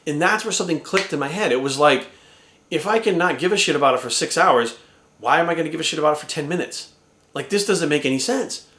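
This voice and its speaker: A man in his forties talks casually and bluntly, swearing freely and checking in with a constant "right?". His voice sits a little high for a man. The room around him rings with echo. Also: expressive, fast, bright, forceful tone. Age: 40s. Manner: blunt, profane, repeats "right?". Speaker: fitness coach. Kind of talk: casual motivational talk to camera. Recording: echoey room.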